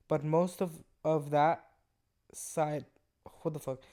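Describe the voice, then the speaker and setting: A young adult hosts a podcast, reading messages aloud and picking them apart with casual, profane sarcasm. The voice sits in a middle pitch, and the disbelief comes through in the delivery. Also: steady tone, takes it slowly, pauses often, dark tone. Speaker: podcast host.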